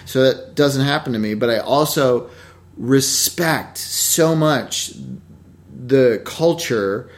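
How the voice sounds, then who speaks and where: A man's voice: mid-range voice, takes it slowly. Blunt, swearing actor man. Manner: blunt and profane, emphatic. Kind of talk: casual chat.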